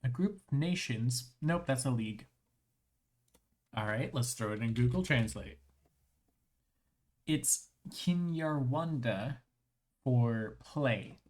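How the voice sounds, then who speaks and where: A live streamer in casual chat, rambling and restarting phrases, voice strained with frequent throat clearing. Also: medium pitch, lively intonation, slow pace, long pauses, darkish tone.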